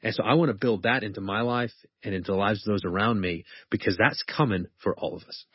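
Earnest male professor guest, low husky voice, reads scripture with deliberate weight; dry, dull recording. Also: dry recording. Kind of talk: conversational teaching on faith.

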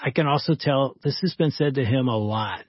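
Male talk-show host, mid-range voice, lively storyteller; dry, slightly muffled studio sound. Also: mid-range voice, fairly quick, breathy edge, dry recording. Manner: lively storyteller who acts out quoted dialogue. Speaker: podcast host. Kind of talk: storytelling in a casual faith-based talk.

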